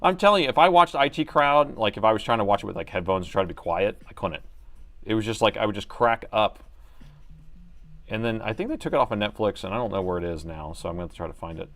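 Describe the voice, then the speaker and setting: A man's voice: on the low side, animated, fast, fairly bright tone. A man hosting a laptop repair livestream, chatting casually to viewers and laughing often as he works. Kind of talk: casual live repair chat.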